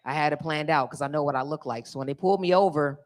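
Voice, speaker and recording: A woman's voice: low voice, fast talker. A middle-aged woman from California doing a brash, bawdy live stand-up routine on a stage mic and teasing the crowd. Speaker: stand-up comedian.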